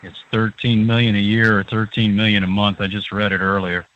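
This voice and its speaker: A man's voice: lowish voice, level tone, a little fast, a bit bright, highs cut off. A man who is a guest on a radio talk show, explaining in a lecturing way and often checking in with "okay".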